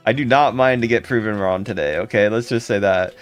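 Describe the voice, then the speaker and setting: A man hosting a casual live stream, thanking and greeting viewers by name in quick upbeat bursts. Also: faint music behind. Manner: upbeat, jumps into high excited calls when thanking donors. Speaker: livestream host.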